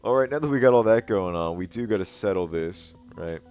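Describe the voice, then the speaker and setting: Man, lowish voice, crude joking drawing commentary, self-styled goblin king. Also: lively intonation, a little fast, a little mellow. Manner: crude, profane jokes and frequent laughing. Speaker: digital artist and video host. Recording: dull lo-fi recording with faint music.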